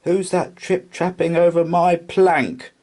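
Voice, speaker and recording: A man voicing a commanding male pirate chief in a children's storybook, loud and raised in pitch. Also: wildly swooping pitch, measured pace, husky, heavily acted. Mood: bossy.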